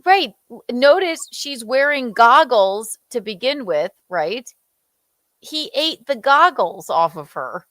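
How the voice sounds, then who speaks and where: A young woman in casual podcast chat, unhurried and swinging widely in pitch as she teases and curses. Her voice sits dry and close with no room around it. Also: very animated, fairly bright tone, dry recording. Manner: teasing and profane, acting out quoted voices. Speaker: podcast co-host.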